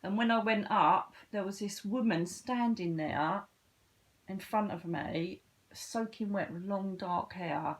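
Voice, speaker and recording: A woman talks to her viewers in a chatty, animated way, her voice jumping up now and then with lively emphasis. She speaks at a middling pitch and tells her stories in an easy, conversational flow. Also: takes it slowly. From Britain. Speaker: psychic medium. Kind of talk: casual storytelling to camera.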